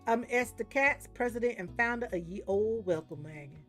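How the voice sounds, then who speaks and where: A woman's voice: a little high, animated, normal speed, fairly bright tone, soft background music. A woman voicing a feisty older woman, a sly and teasing divorcee who runs a neighborhood club, in a game.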